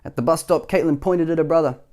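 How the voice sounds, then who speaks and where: A man reading a children's picture book aloud, gently, with chuckling asides. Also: fairly high pitch, fast.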